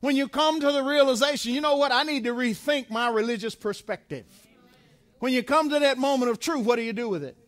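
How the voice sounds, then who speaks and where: High-voiced emphatic male preacher. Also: brisk. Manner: emphatic preaching with repetition and call-and-response questions. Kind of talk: sermon. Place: church sanctuary.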